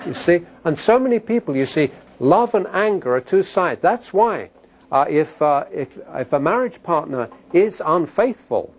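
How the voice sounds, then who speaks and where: A middle-aged man preaching a sermon, talking emphatically and building to loud, animated outbursts. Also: a little high, normal speed, husky. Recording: dull lo-fi sermon recording.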